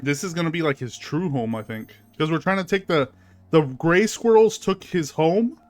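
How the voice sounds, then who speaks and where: A man whose expressive voice sits on the high side streams a video game at a moderate pace. The recording is dry with faint music behind, and he offers casual let's-play chat full of fillers, reading the game's text aloud.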